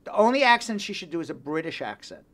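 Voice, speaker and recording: A man's voice: fairly high pitch, sing-song, quick pace, crowd noise. A man hosting a live radio talk show, joking and reading ads with repeated phone numbers.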